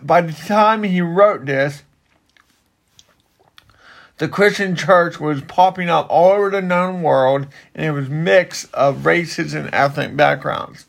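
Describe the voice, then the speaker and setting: A man with a slightly raised, gravelly voice talks through scripture in a slow, meandering way. He stops and restarts often as he explains. It sounds like an easygoing Bible study chat. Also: a little high. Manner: rambling, restarts a lot, drawn-out explanations. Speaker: minister.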